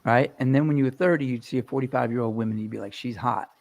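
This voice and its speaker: A man's voice: mid-range voice, quick pace, creaky, a little mellow. A man hosting a casual talk show, asking teasing, joking questions. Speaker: host. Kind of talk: casual chat.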